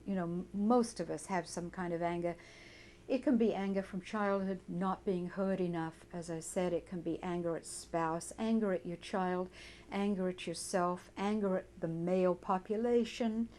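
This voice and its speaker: A woman practitioner leading a guided tapping session, speaking gently and repeating phrases for listeners to say along. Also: fairly low pitch, a little hiss or hum.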